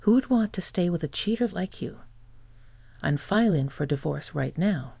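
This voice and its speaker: Tts voice doing a firm betrayed older mom, dry and gravelly. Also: female voice, fairly low pitch, expressive, moderate pace, dark tone, no room sound, heavily acted. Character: betrayed older mother-in-law, firm and resolute.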